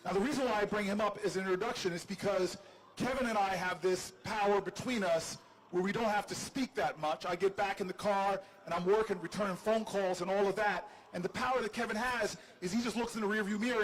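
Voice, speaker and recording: High-voiced man telling a jokey story. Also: brisk, low-quality recording. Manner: animated, jokey, self-deprecating. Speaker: politician hosting a livestream. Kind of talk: humorous storytelling speech. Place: outdoors on building steps.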